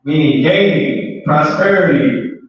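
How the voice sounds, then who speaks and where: A man teaching a room of students, joking and drawing his words out at a slow, unhurried pace. His voice sits somewhat high for a man. He is picked up from far off in a very echoey room on a dull, muffled recording. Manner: joking, drawn-out, laughs between points. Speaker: language teacher. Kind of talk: casual live classroom teaching. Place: classroom with students.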